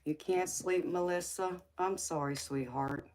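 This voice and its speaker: A woman with a drawl chats to her live-stream audience in a low, slow, unhurried voice. She teases playfully, laughs easily and calls everyone baby or honey. Faint card shuffling and clicks can be heard behind her. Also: steady tone, darkish tone, a little hiss or hum.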